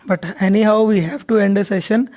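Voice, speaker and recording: Man, high-pitched, courteous interviewer. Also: fairly even intonation, brisk, darkish tone. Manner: polite, deferential, hesitant fillers.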